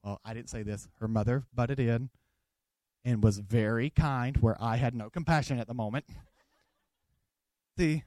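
A man's voice: a little high, a little mellow, no room sound. A man from the Southern United States, with a Southern accent, preaching an emphatic, joking sermon full of repeated phrases.

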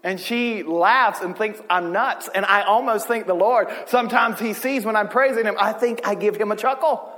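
A man preaching a sermon as a pastor, telling stories with energy and swinging from soft, intimate moments to full shouts. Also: sits high, normal speed, few pauses, long reverb tail.

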